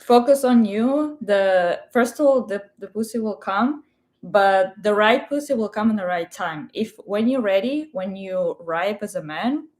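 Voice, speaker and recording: A woman's voice: mid-range voice, animated, a little slow, darkish tone. A woman with an Eastern European accent giving earnest, plain-spoken advice, speaking away from the microphone. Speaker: host's wife, guest on stream.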